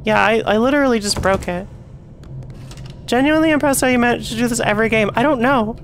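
A woman's voice: on the high side, fast talker, slight background noise. Chatty young woman streaming a game. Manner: chatty, swears and yells when frustrated. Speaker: VTuber streamer. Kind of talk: casual gameplay commentary.

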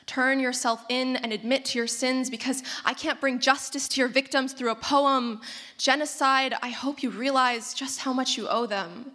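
A woman's voice: a little high, a bit bright. A teenage girl performing spoken word poetry on a theater stage, with an impassioned, rhythmic, rhyming delivery. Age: teens. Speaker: slam poet.

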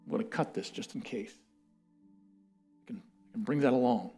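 A man preaching a sermon and reading scripture aloud, swinging from loud declarations to hushed words. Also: medium pitch, normal speed, soft background music.

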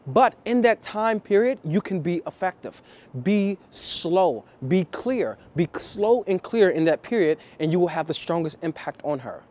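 A man coaching viewers on dating in a vlog, talking deliberately and repeating key phrases for emphasis. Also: high voice, lively intonation, darkish tone.

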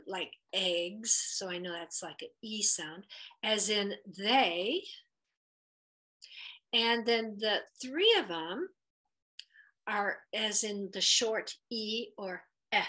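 A woman gives a patient, encouraging letters lesson, sounding out each vowel carefully. Her voice is bright and clear. She speaks at a slow, deliberate pace. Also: medium pitch. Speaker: Hebrew teacher. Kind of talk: children's lesson at a whiteboard.

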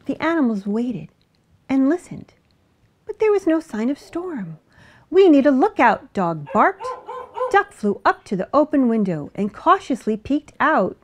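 A woman reading a children's picture book aloud with an expressive, animated delivery. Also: high voice, unhurried. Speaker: storybook reader. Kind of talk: children's story read-aloud.

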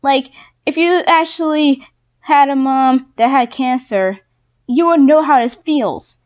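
A woman's voice: high-pitched, muffled recording. Exasperated young woman ranting. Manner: indignant, exasperated, quick-talking. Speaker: YouTuber. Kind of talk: casual rant vlog.

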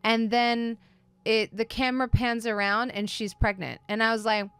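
A woman's voice: fairly high pitch, level tone, normal speed, a bit bright, clear, resonant tone. A woman hosting a comic book show, giving a blunt, sarcastic and profane casual review.

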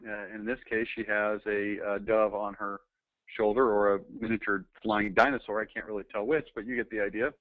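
A man's voice: on the low side, fairly even intonation, fairly quick. Man with a tinny, phone-like sound. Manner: offhand, with hesitant fillers. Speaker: presenter reviewing old ads. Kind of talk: casual commentary while reading aloud.

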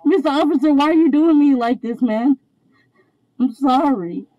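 High-voiced woman crying and begging. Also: moderate pace, muffled recording. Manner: begging, repeating herself. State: crying, in pain. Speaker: detained woman. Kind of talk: pleading from a police car. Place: back of a moving police car.

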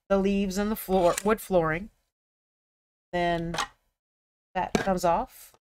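A chatty American woman hosting a painting stream, her voice smooth and clean and pitched a little low. She thinks aloud and laughs easily as she talks through her work. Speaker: miniature painting stream host. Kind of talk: casual live-stream chat.

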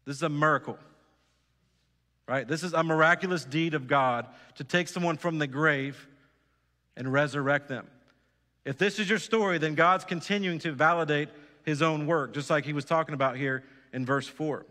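A man's voice: fairly high pitch, moderate pace, bright, forceful tone. A pastor preaching a sermon, earnest and exhorting, putting direct questions to his congregation. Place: church sanctuary. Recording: church hall reverb.

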